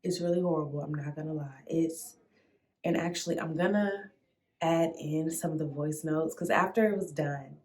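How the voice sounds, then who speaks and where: A young woman vlogger casually telling a dramatic storytime, full of slang, sudden squeals and loud outbursts. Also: low voice, normal speed.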